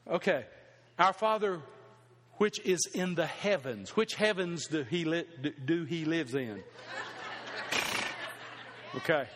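A man's voice: a little high, a bit bright. A middle-aged man preaching a sermon, talking conversationally and putting questions to the congregation. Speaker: pastor. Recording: long reverb of a hall.

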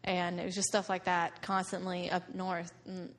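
A woman's voice: lowish voice, monotone, normal speed. A young woman giving a slideshow talk to a group about a mission trip, telling stories and laughing often. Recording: long reverb of a hall.

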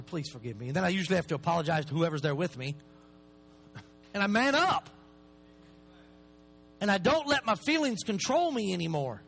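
A man, preaching fast and animated, joking at his own expense. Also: very high-pitched, low-quality recording. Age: 40s. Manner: fast-talking, self-deprecating, animated preaching. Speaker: recovery ministry speaker. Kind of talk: sermon.

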